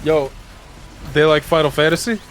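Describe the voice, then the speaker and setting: A man's voice: a little high, moderate pace, a little hiss or hum. A man co-hosting a casual gameplay commentary, joking and swearing through profane banter. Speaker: co-host.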